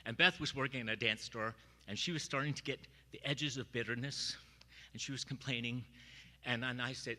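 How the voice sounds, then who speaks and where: A middle-aged man speaking at a memorial, telling personal stories in an animated way and acting out the voices he quotes. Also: mid-range voice, a little fast, big-room sound. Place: church sanctuary.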